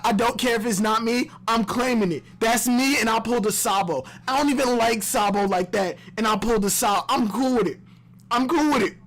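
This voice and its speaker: A man reacts live on stream to a new comic chapter, talking in excited slang, repeating himself, and breaking into high-pitched shouts and laughter.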